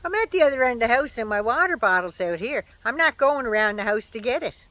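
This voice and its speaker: A woman's voice: on the high side, lively intonation, fast talker, fairly bright tone, dry recording. Chatty woman vlogging outdoors. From Canada. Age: older. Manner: chatty, folksy and opinionated, with dry asides. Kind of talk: casual chat to camera. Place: outdoors at home, in the shade.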